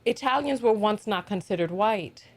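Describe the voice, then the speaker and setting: A woman hosting a reaction stream in a relaxed, chatty way, telling stories with playful asides. Her voice sits at an ordinary middle pitch. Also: moderate pace. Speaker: reaction show host. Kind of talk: casual chat.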